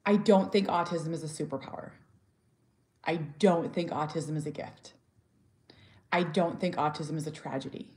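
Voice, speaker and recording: A woman talks straight to camera in a candid personal vlog, sharing her story as a mother. Her voice sits a little on the low side for a woman. She sounds earnest and heartfelt, doubling back on her words as she goes and speaking plainly and bluntly when she means it. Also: normal speed, long pauses, darkish tone. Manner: earnest and heartfelt, with frequent restarts; talks openly and directly, sometimes blunt.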